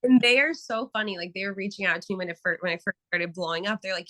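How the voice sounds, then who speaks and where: A young adult woman, a therapist, talking casually as an interview guest and acting out quotes in animated stories. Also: mid-range voice, fast talker, poor audio. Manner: animated storytelling with acted quotes.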